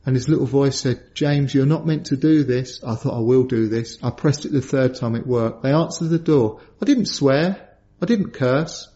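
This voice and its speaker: A middle-aged man preaching a sermon, telling a personal story in earnest and lifting his voice high when he acts out quotes. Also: normal speed, dark tone, dull audio.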